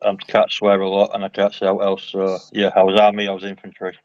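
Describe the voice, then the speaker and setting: A man's voice: deep voice, completely flat delivery, fast talker, darkish tone, a little hiss or hum. A middle-aged man who talks bluntly and plainly, chatting as a panel guest on a video call. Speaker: panel guest, ex-army dock worker. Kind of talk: casual chat on a livestream. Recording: dull, muffled call audio.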